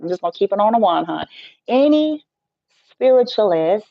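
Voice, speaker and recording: A Reiki healer and spiritual teacher rants casually on a live stream, blunt, profane and joking. Her mid-range voice is very animated at a normal pace, with no room sound, and the recording is dull, dry and lo-fi.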